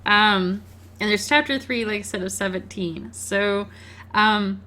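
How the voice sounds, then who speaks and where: A woman's voice: mid-range voice, a little slow, sharp tone. Tearful stammering woman reading a game. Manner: emotional, stammering, laughing. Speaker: host of a choice-game let's play.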